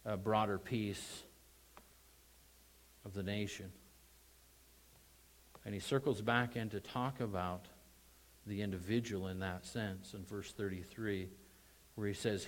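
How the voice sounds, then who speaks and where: A pastor gives a Sunday sermon, engaging the congregation rather than lecturing at it; he asks them questions, then surges into loud, emphatic bursts before calming down again. His voice is on the low side and a little slow, with long pauses, and the audio quality is poor.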